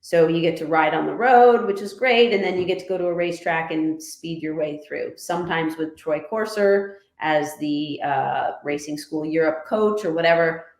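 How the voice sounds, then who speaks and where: A woman from Canada, a podcast guest, telling stories in a lively, animated way and laughing often. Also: low voice, normal speed, few pauses. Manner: animated storyteller, laughs often, voices others in her anecdotes. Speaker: guest, former motorcycle racer and writer. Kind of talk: casual podcast storytelling. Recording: roomy, echoey room.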